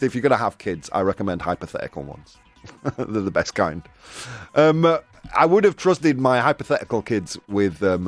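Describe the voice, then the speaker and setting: A man's voice: medium pitch, no room sound. A man hosting a casual live stream, chatting through the news and reading viewers' comments, chatty and self-deprecating, often laughing and stumbling over hard words. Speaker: podcast host.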